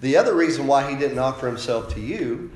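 A man's voice: mid-range voice, animated, fairly quick, darkish tone. A man preaching a sermon as a pastor, emphatic and insistent, often ending points with a rhetorical "right?". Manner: preaching with frequent rhetorical "right?" tag questions. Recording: roomy echo.

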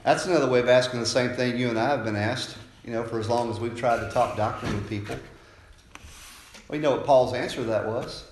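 A man preaches in an easy, conversational way and keeps turning to his listeners for agreement. His voice sits at a middle pitch. The room is echoey, with faint noise underneath. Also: a little fast. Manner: conversational preaching, frequent "right?" tag questions. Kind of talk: sermon.

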